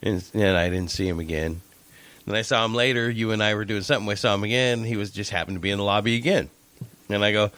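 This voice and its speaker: A man co-hosting a podcast, telling a casual story in an animated way, swearing and mimicking other people in a raised voice. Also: quick pace, smooth, no echo. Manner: animated, swearing, acts out voices in high pitch. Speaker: podcast co-host.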